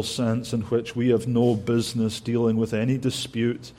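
A man's voice: medium pitch, flat delivery, moderate pace, few pauses, mellow. A man preaching an expository sermon, talking earnestly and repeating phrases for emphasis, with frequent restarts.

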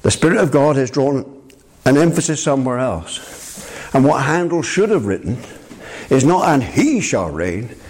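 An older man delivers a sermon with a lively, rising and falling pitch. His voice has a husky edge, and he speaks emphatically, turning to his listeners directly. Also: moderate pace, long pauses. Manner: animated, emphatic, addresses listeners as my friend. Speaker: preacher.

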